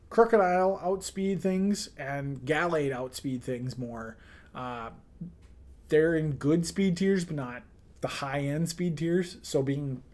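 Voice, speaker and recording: A man's voice: mid-range voice, darkish tone. Chatty man with lots of ums. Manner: loose and chatty, many "um"s, playful slang. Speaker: draft league team manager. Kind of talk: casual team review.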